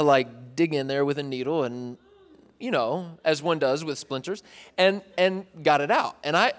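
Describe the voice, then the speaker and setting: A young man from East Tennessee preaches in a loose, conversational way, often poking fun at himself. His voice sits a bit high for a man. It echoes with the long reverb of a large hall. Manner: chatty, self-deprecating, joking with the crowd. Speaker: pastor. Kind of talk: casual sermon.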